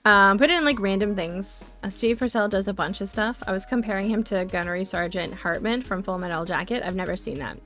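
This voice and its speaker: A woman's voice: mid-range voice, a little fast, hardly any pauses, fairly bright tone, faint music behind. A young woman from Louisiana, chatting casually with her live-stream chat, full of fillers, restarts and giggles.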